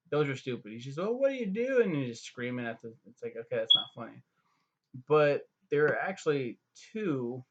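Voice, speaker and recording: A man's voice: medium pitch, vocal fry, a bit bright, muffled recording. A young man giving a profane, rambling, sarcastic review, full of fillers. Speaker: web series reviewer. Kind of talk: casual ranting review.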